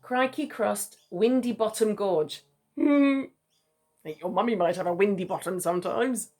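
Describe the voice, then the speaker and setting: A woman's voice: mid-range voice, measured pace, a little mellow. A mother reading a picture book aloud to her child, playful, with chatty asides.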